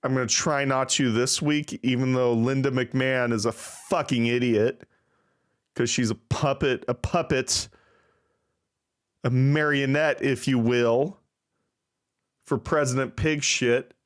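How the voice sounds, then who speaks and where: A man's voice: mid-range voice, fairly even intonation, a little slow. A man hosting a casual livestream, rambling and self-deprecating with plenty of swearing. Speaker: livestream host. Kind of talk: casual live-stream chat.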